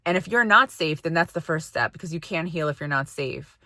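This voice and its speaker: Bright, close-miked woman giving soothing spiritual advice. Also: sits low, animated, fairly quick, no room sound. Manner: earnest, reassuring, rambling with many fillers. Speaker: psychic and healing coach. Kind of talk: casual spiritual talk to camera.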